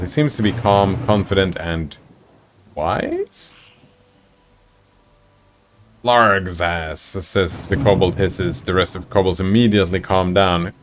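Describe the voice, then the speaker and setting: A man with a fairly low voice reads a fantasy text adventure aloud on his stream. He moves easily between the story's narration and relaxed chat with the viewers in the chat. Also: a little hiss or hum.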